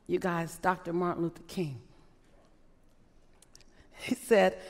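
A woman's voice: on the low side, steady tone, takes it slowly, darkish tone. A woman giving an inspirational speech to a live audience, firing off impassioned rhetorical questions. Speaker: motivational speaker. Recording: long reverb of a large hall.

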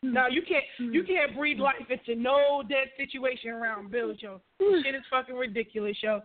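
A woman hosting a podcast, chatting casually with excitable, profane reactions. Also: sits high, moderate pace. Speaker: podcast host. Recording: tinny phone line with crowd noise.

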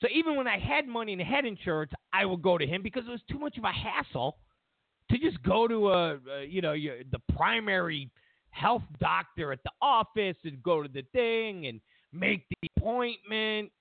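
A man's voice: high voice, expressive, normal speed, vocal fry, dry recording. A man hosting a talk show, telling a personal story in a casual monologue with frequent restarts. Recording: tinny phone-like audio, dry.

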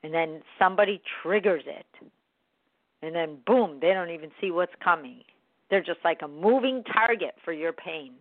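A self-help speaker giving a reflective spoken monologue in an earnest, gently coaching manner. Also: mid-range voice, normal speed, dry recording. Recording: tinny phone-like dry recording.

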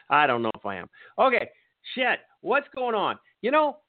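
An older man with a high voice rants with profane, exasperated frustration as a podcast host. His voice comes through dry and tinny, like a phone call. He swears freely and sounds fed up. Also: huge pitch swings, normal speed, no room sound. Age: 60s. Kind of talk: angry sports rant.

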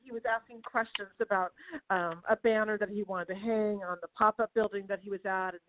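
A woman's voice: medium pitch, steady tone, a little fast, a little hiss or hum. A woman hosting a casual radio interview, telling a story with lots of energy, giggling and acting out the voices. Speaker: chamber of commerce host. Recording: tinny phone-like radio audio.

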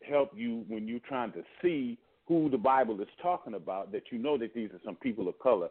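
A man who is a pastor, explaining his point calmly and briefly. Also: mid-range voice, a little fast, vocal fry. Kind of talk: panel discussion. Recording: phone-line sound.

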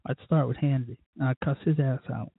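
A man's voice: medium pitch, fairly even intonation, fast, vocal fry, breathy edge, no room sound. A man hosting his own talk show, ranting heatedly about politics and cursing freely. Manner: heated, cursing, mocks others in put-on voices. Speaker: show host. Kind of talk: profane political rant. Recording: dry, tinny phone-like sound.

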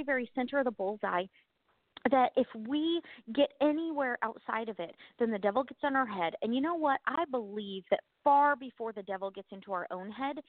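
A high-pitched woman talks in a lively, chatty way on a faith podcast and laughs at her own slips. Her voice comes through a thin, phone-like line. The sound is dry, with no room around it. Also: dry recording. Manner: chatty, animated, self-deprecating with laughs. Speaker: podcast co-host. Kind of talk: casual faith chat.

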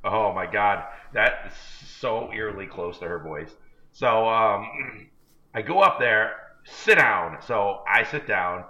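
During a casual podcast chat, a co-host rambles through a long story at his own expense, taking it slowly. His fairly low voice is sharp in tone with lively intonation. The recording is dull and lo-fi.

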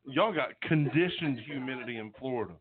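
A man's voice: medium pitch, lively intonation, fairly quick. A man in his fifties from southern Mississippi with a Southern American accent, joking and telling stories in casual chat. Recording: tinny phone-like audio.

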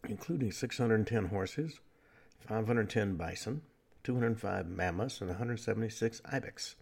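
A man hosting a talk radio show, delivering a lecturing monologue with frequent pauses and fillers. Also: lowish voice, gravelly, darkish tone, slightly rough.

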